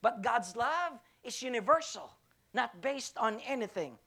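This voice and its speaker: A woman's voice: a little high, expressive, measured pace, a bit bright. A woman pastor preaching a sermon to her church, emphatic and repetitive, asking the congregation rhetorical questions.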